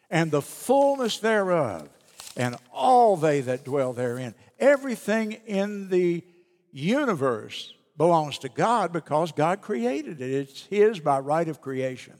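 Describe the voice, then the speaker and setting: Emphatic male preacher in a reverberant hall. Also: on the high side. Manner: emphatic preaching, slowing and dropping soft on key phrases. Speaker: pastor. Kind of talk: sermon. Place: church sanctuary. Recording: long reverb of a church hall.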